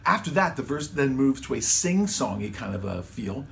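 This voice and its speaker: A man's voice: mid-range voice, very animated, moderate pace, vocal fry, a bit bright, faint music behind. A man, a songwriter and guitarist, walks through how he recorded his vocals in a casual, rambling way, dropping slang like "man" and "dude". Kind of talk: casual home-studio walkthrough.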